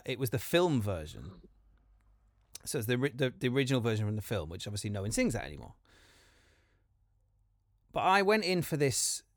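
A man's voice: on the low side, no room sound, clean studio sound. A man hosting a podcast in casual chat, laughing often and telling his own stories. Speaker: podcast host.

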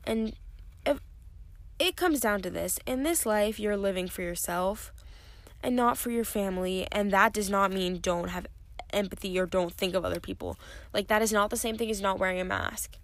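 A young woman talks alone into a close podcast mic, tired and yawning as she rambles candidly with lots of fillers. Her voice has a gravelly fry. The sound is dry and close, with no room around it. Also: mid-range voice, normal speed, dry recording. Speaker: podcast host. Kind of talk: casual solo podcast talk.

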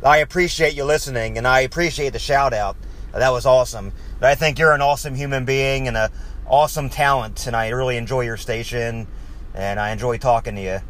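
A man's voice: medium pitch, fairly quick, a bit bright. A man leaving a friendly, appreciative voice message as a caller in a casual tone.

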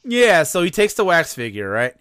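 A very animated male co-host with a fairly high, bright, clear, resonant voice talks at a moderate pace on a podcast. He rambles through casual chat full of fillers and laughter, and the studio-quality audio has no room sound.

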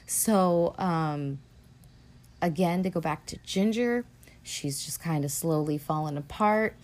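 Speaking slowly in a low, slightly mellow voice, a woman hosting a podcast recaps a film. Her telling wanders casually and is packed with fillers and profanity.

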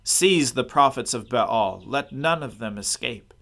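A man voicing a bold, defiant male prophet in a scripture reading, declaiming loudly and forcefully. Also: mid-range voice, animated, measured pace, vocal fry, full character voice. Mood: commanding.

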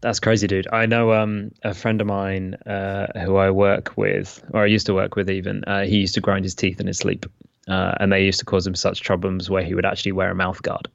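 A man's voice: deep voice, monotone, fairly quick, vocal fry, dry recording. A man with a British accent co-hosting a podcast in an easygoing casual chat, recorded on a slightly dull lo-fi mic. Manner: easygoing, laid-back, laughs along. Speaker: podcast co-host.

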